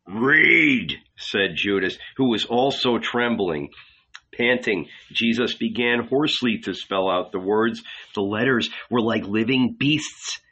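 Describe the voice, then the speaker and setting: A man narrating an audiobook in a measured, unhurried reading. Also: lowish voice, fairly bright tone, slightly rough. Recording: dull lo-fi recording.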